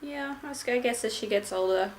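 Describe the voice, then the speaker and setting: A woman's voice: fairly high pitch, a little fast, slight background noise. A young woman and new mother giving a casual vlog update at home, hesitant, with many ums and restarts.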